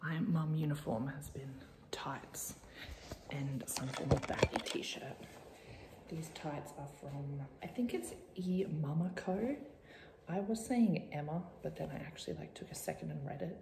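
A woman's voice: low voice, unhurried. A young woman, chatting casually to camera as a first-time mum vlogger at home, rambling and often dropping to a whisper. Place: home, indoors. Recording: echoey room, faint ambience.

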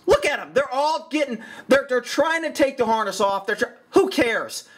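A man with a very high voice for his sex rants over a video in blunt, exasperated commentary. He swears freely and talks with plain frustration. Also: animated, normal speed, a bit bright. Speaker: horse trainer and commentator.

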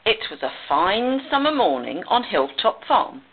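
A woman reading a children's picture book aloud with slow, expressive storytelling, on a tinny, phone-like recording. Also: mid-range voice, husky.

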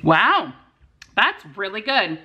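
Still breathless from a workout, this woman in her thirties talks to her vlog audience from her home garage and kitchen in a casual, upbeat way. Her mid-range voice is very animated yet slow, with a sharp tone and the highs cut off.

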